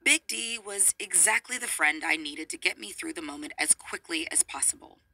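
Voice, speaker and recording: A woman reading a memoir aloud in an expressive way, adding amused asides. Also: fairly low pitch, moderate pace, no room sound, rough recording. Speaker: reader.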